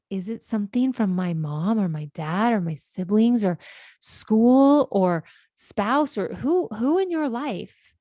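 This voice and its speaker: A woman's voice: medium pitch, warm tone, dry recording. A woman life coach hosting a podcast, explaining ideas in an earnest, conversational monologue and often checking in with "right?".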